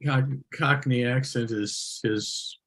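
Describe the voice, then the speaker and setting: A man's voice: medium pitch, steady tone, slow pace, a bit bright. A man hosting a comedy show over a video call, roasting people with sarcastic jokes. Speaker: show host.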